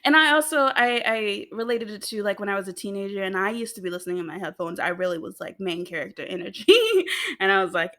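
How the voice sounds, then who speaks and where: A woman's voice: medium pitch, lively intonation, fairly quick, fairly bright tone. A young American woman chatting casually as she recaps a TV show, laughing often and filling her talk with asides. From United States. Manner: giggly, chatty, lots of fillers and asides. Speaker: video host.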